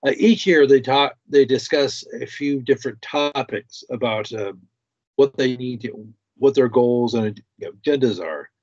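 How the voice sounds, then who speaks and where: Guest, male, mid-pitched, halting and tentative, dry and dull lo-fi sound. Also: a little mellow, no room sound. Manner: hesitant, many uh and restarts. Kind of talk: talk show conversation.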